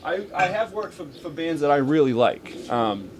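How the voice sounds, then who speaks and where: A man's voice: fairly high pitch, big pitch swings, normal speed, slight background noise. A man in his thirties, a touring roadie and musician, chatting as a podcast guest in a laid-back, profane and self-deprecating way. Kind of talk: casual interview chat.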